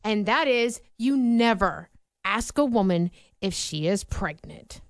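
A woman co-hosting a radio show, telling a story in a lively, self-mocking way. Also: mid-range voice, slow, a little hiss or hum. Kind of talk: casual chat and storytelling.

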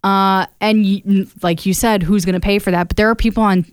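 Young female radio co-host, chatty storyteller, smooth clear voice, dry studio sound. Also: mid-range voice, brisk, no echo. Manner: chatty storyteller, animated retelling. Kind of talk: casual radio chat.

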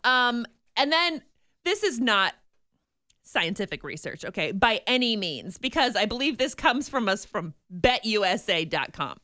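A woman's voice: fairly high pitch, very animated, unhurried, sharp tone. A woman from the US Midwest co-hosting a morning radio show, chatting casually and playfully, often laughing.

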